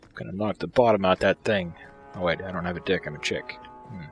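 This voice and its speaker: A man's voice: low-pitched, fast talker, over music. A man giving crude, sarcastic, irreverent commentary over a video game playthrough. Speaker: let's play commentator.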